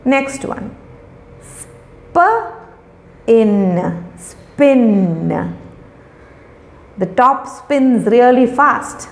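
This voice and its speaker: Woman teacher, slow and patient, lively rising voice, echoey room. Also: fairly high pitch, vocal fry. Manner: patient, repeats and explains each word. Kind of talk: recorded lesson for young children.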